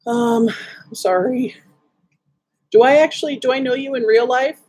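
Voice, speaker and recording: Woman, from Wisconsin, casual livestream chat, greets viewers, snarky, husky voice. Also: sits high, moderate pace, a little mellow. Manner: chatty, greets viewers by name, snarky asides.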